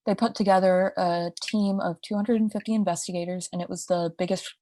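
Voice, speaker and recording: Casual podcast co-host: young woman, slightly low pitch, dry recording, rambling asides. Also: fairly even intonation, brisk, mellow, dry recording. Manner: chatty, explains with asides and restarts. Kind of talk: casual storytelling chat.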